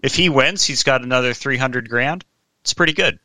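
A man's voice: medium pitch, normal speed, sharp tone, no room sound. A man co-hosting a casual podcast, blunt and casually swearing. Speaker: podcast co-host.

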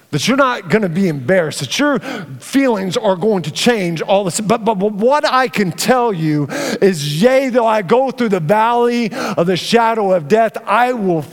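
Pastor, middle-aged man, high voice, lively storyteller, stage mic in a big reverberant sanctuary. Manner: animated storyteller, acts out family dialogue. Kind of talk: sermon with personal story. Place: church auditorium. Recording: long hall reverb.

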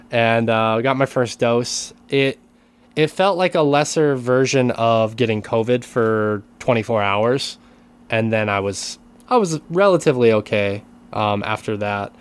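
A man's voice: medium pitch, a little slow, clear, resonant tone. A man co-hosting a casual podcast, talking with many restarts and careful hedging. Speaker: podcast co-host and teacher.

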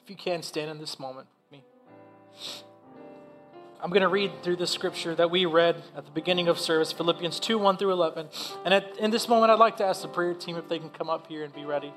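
A man with a high voice gives a personal testimony from the pulpit. He speaks in a heartfelt, halting way, often restarting his phrases. A soft instrument plays faintly underneath. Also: steady tone, faint music behind. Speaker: church speaker.

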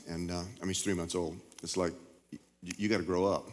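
A middle-aged man preaching in a low, folksy voice, circling back and restarting his words as he talks. His voice rings out with a long reverb through a large church hall. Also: level tone, fast talker. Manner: folksy, repetitive, stammering. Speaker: pastor. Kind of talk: sermon.

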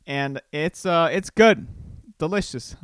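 A man's voice: fairly high pitch, slow, a bit bright, smooth, no room sound. A man hosting his own podcast, telling a rambling personal story in a chatty, casual way. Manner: rambling, chatty, with many restarts and fillers. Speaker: podcast host. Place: Texas home.

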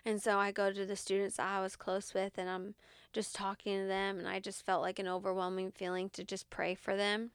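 A woman's voice: medium pitch, completely flat delivery, brisk, clear, resonant tone, no room sound, clean studio sound. A woman guest on a podcast, telling a personal story in an earnest, candid way with lots of filler words.

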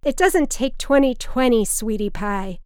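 A woman's voice: on the high side, animated, a little slow, darkish tone, clear, resonant tone, no echo, clean studio sound, voice pushed up. A woman voicing her drunk, dramatic, manipulative mother, speaking in a theatrical, intense, slightly slurred way.

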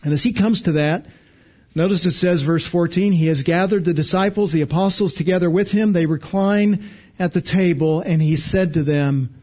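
Emphatic high-voiced male preacher, muffled sound. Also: darkish tone. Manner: emphatic, repeats words for stress, frequent restarts. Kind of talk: expository sermon.

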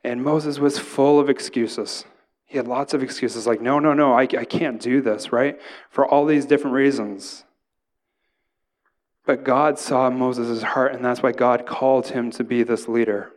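A male pastor, around his thirties, delivers a sermon in an easygoing, chatty way, with personal stories from home. His voice sits at an ordinary mid pitch, and he keeps checking in with the room as he goes. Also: steady tone, measured pace, a little mellow. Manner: casual, conversational preaching with frequent "right?" asides.

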